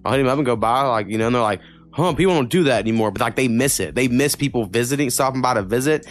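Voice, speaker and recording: A man's voice: medium pitch, fast talker. Young adult man, loose rambling co-host, heavy swearing, faint music bed. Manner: rambling, swears a lot, many fillers. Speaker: podcast co-host. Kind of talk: casual chat.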